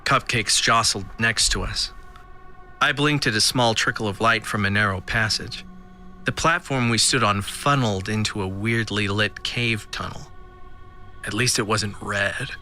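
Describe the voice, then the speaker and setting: A man reads a scripted audio drama in the first person, dry and a little wry. His voice is bright and crisp, with faint music behind. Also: fairly low pitch, a little slow. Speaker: narrator.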